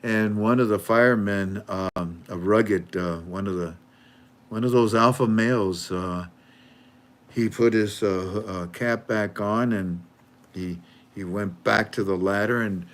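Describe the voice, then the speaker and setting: A man in his seventies, the host of his channel, telling a heartfelt story in a halting way and repeating words as he searches for them. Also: on the low side. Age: 70s. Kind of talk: heartfelt storytelling with a religious close.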